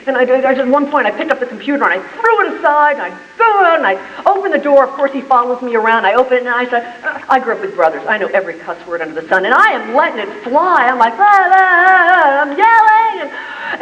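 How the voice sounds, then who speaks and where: A woman's voice: sits high, fairly bright tone. A woman business owner giving an inspirational speech, a vivid storyteller who acts out scenes, heard from afar in an echoey meeting room. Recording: echoey hall, far from mic, dull.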